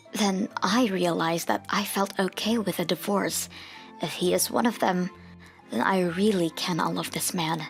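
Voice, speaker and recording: A woman's voice: fairly low pitch, measured pace, vocal fry, faint music behind. A young woman narrating a dubbed manga story in an earnest, first-person storytelling manner. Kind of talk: scripted manga dub narration.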